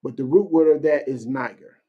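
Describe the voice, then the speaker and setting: A man leading a casual streamed Bible class, talking conversationally and reading verses out slowly. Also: mid-range voice, slightly rough, dull audio. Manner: conversational, keeps asking "you know what I'm saying"; reads verses slowly and deliberately.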